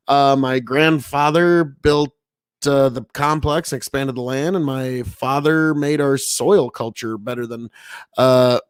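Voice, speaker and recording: A man's voice: medium pitch, no room sound, studio quality. A man from Nebraska, a farmer, talking casually and profanely on a livestream from inside an old family mill, rambling with many fillers. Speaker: farmer streaming commentary.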